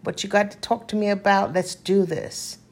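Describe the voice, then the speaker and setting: A woman in her fifties vlogging in a casual, heartfelt way, earnest and spiritual, rambling with frequent pauses and fillers. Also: mid-range voice, fairly even intonation. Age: 50s. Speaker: lifestyle vlogger.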